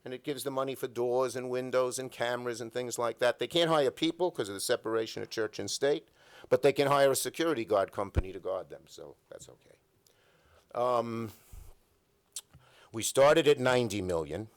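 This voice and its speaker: A man's voice: medium pitch, moderate pace. An older man, an elected official, giving an emphatic speech at a breakfast event, telling stories and stacking up repeated phrases at a podium microphone.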